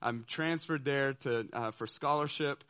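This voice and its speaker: A man telling a personal story to an audience, animated and laughing, often checking in with listeners. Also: medium pitch, measured pace, clean tone. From southeastern United States. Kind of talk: storytelling talk.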